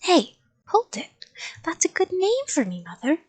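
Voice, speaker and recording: A woman playing Junie B., shrill excited little girl. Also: takes it slowly, heavily acted. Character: loud, bossy little kindergarten girl.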